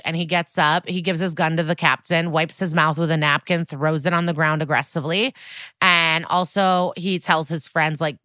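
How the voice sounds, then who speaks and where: A woman's voice: fairly low pitch, fairly even intonation, normal speed, pushed and bright, clear, resonant tone, no room sound. A woman podcast co-host recapping a TV episode in a casual, sardonic, swear-heavy chat. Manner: sardonic, profane, chatty.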